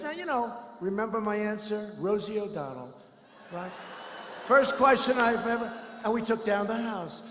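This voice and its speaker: A man's voice: high voice, animated, moderate pace, fairly bright tone. A man giving a rambling campaign rally speech in a large arena, boastful and full of mocking asides. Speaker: politician at a rally. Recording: echoey arena with long reverb.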